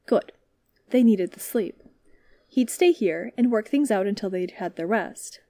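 A woman reading a story aloud as narrator, in a calm, steady manner. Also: mid-range voice, unhurried, no room sound.

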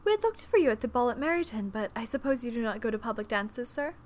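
Woman doing a shrill effusive storybook mother, high voice, lively swoops, faint room ambience. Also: quick pace, a little hiss or hum, natural voice. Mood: gushing. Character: fussy loud middle-aged mother, gushing.

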